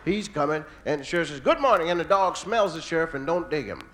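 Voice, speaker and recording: A man doing stand-up comedy, telling animated stories and jumping between impressions. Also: a little high, fast, a little hiss or hum.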